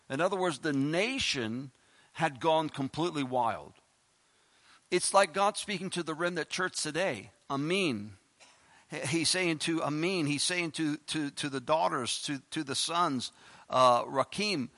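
Fiery preacher, bright tense voice. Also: male voice, fairly high pitch, expressive, a little slow. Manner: emphatic preaching with pleading repetitions and sudden loud bursts; plain-spoken, folksy asides. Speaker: pastor. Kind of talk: sermon.

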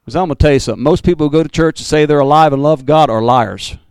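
A man preaching a fiery Pentecostal sermon, swinging from loud bursts to low, intense asides. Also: rapid-fire, smooth, no room sound. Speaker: pastor.

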